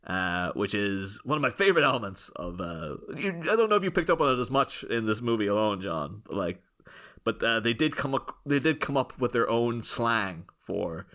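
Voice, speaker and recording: A man's voice: fairly low pitch, sing-song, normal speed, a bit bright. An English man co-hosting a podcast, chatting casually and rambling with frequent chuckles and restarts. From England. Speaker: podcast co-host. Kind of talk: casual chat.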